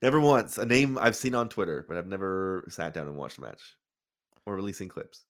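Laid-back hesitant man, lowish voice. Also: animated, fairly quick, a bit bright. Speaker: co-host. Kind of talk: casual live review chat.

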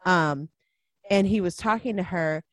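A woman in casual conversation about a film, animated, laughing often and acting out characters' lines. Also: lowish voice, measured pace, no echo. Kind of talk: casual movie discussion.

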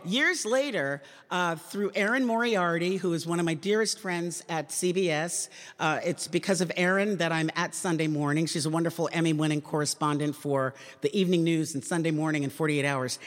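Comedian in her sixties, lively storyteller acting out her anecdotes, speaking in a long-echo hall. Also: on the low side, moderate pace. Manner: animated and chatty, acts out her anecdotes. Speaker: comedian giving a public talk. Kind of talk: humorous storytelling talk. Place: lecture hall at a public forum. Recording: reverberant hall sound.

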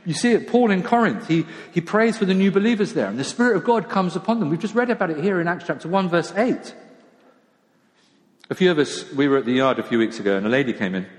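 Preacher in a reverberant church. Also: male voice, a little high, lively intonation, fast. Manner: conversational, self-deprecating, with quiet asides. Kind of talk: sermon. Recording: long church hall reverb.

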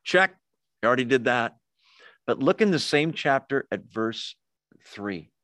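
Male pastor, mid-range voice, dry close sound, expressive sermon delivery that moves between emphatic and hushed. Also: medium pitch, unhurried, no echo.

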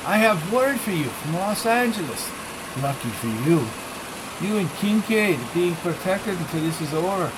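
A man's voice: high-pitched, lively intonation, normal speed, noisy background, voice pushed up. A man voicing a menacing little male henchman with a thick Spanish accent, speaking in clipped, threatening lines. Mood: curt.

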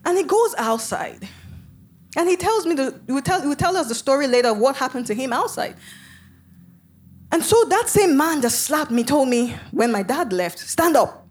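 A woman's voice: sits high, very animated, normal speed. A woman preacher telling her testimony in a sermon, dramatic and vivid, with sudden emphatic bursts. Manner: speaks in tongues.

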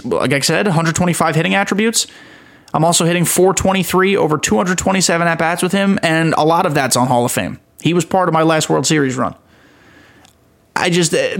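A young man hosts a casual gaming podcast in a voice pitched a little high. He rambles, pokes fun at himself, and sounds enthusiastic throughout. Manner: rambling, self-mocking, enthusiastic. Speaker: podcast host.

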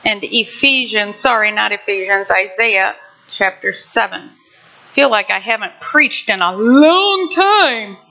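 Older woman preaching with a bright voice. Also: mid-range voice, expressive, a little slow, vocal fry. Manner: conversational and heartfelt, with many restarts. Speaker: pastor. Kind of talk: sermon. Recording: muffled lo-fi recording.

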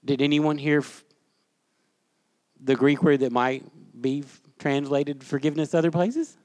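High-voiced man teaching a Bible class. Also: measured pace, darkish tone, no room sound. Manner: conversational, quizzes the class, storytelling.

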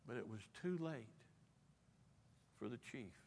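A man's voice: medium pitch, lively intonation, a little slow, a little hiss or hum. Impassioned preacher man in a reverberant hall. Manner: impassioned, rising to shouts. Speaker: missionary preacher. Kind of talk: sermon.

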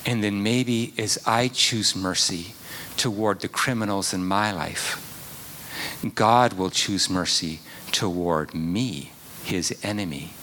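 A man preaching a sermon in an earnest way, at times dropping to a hushed whisper. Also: sits low, a little hiss or hum. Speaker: pastor.

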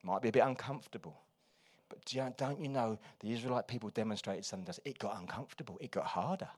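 A man preaching a sermon, moving between quiet, confiding asides and loud, urgent exhortation. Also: lowish voice, fast talker. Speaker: pastor.

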